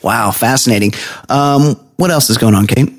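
A man's voice: medium pitch, moderate pace. A man co-hosting a podcast, chatting casually with crude jokes and banter. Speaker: podcast co-host. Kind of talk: casual comedic chat.

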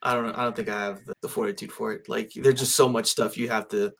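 A man's voice: lowish voice, steady tone, quick pace, vocal fry, a bit bright, a little hiss or hum. A man in casual conversation about a film, rambling with lots of fillers and restarts. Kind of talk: casual movie discussion.

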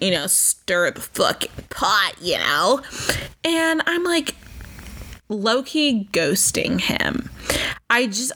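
A woman's voice: medium pitch, pushed and bright. A woman in her early twenties from the United States, chatting casually and animatedly on her own podcast, joking and swearing as she goes. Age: 20s. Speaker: podcast host. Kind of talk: casual solo podcast chat.

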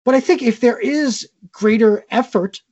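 A man's voice: extremely high pitch, moderate pace, darkish tone. A man sharing firm opinions in a casual podcast conversation. He circles his points with fillers and restarts before landing them. The audio is a little dull and lo-fi. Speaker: podcast co-host. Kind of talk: casual chat.

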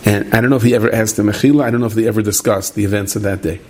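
A man telling a story in an animated way, repeating phrases for effect. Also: fairly low pitch, rapid-fire, slight background noise. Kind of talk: spoken storytelling.

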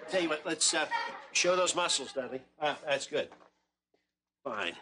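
A man's voice: fairly high pitch, animated, measured pace, noisy background. An actor playing a creepy middle-aged man who coaxes kids, in hesitant 1980s sitcom dialogue. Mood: coaxing.

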